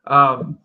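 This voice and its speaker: A man's voice: narrow, tinny audio, slight background noise. A man hosting a casual podcast chat, upbeat and rambling with plenty of fillers as he asks questions. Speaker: podcast host.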